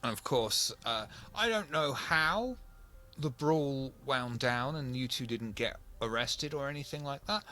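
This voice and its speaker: Bright, animated man running the game. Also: mid-range voice, measured pace, faint music behind. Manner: animated, self-mocking, swears casually. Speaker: game master. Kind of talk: narrating a tabletop game.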